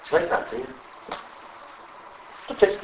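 A man leading a live workshop, animated and constantly asking the group questions. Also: normal speed, distant mic, slight background noise. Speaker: trainer. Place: training room with live audience. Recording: echoey room with faint ambience.

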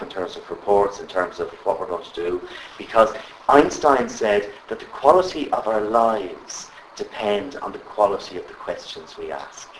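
A man leading a live workshop, animated and constantly asking the group questions. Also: on the low side, recorded from a distance, slight background noise. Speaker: trainer. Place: training room with live audience. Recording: echoey room with faint ambience.

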